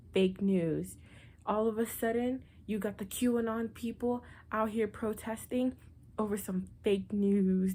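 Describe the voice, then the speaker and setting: A woman's voice: medium pitch, warm tone. A woman ranting to camera in a blunt, profane, sarcastic way, full of exasperation. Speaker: vlogger. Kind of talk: political rant to camera.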